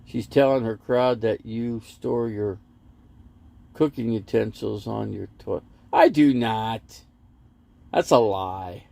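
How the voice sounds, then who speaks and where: A man's voice: on the low side, takes it slowly, creaky, dark tone. A man hosting a casual live stream from his RV, rambling between stories and reading viewer comments aloud. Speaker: livestream host. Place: inside an RV parked in a lot.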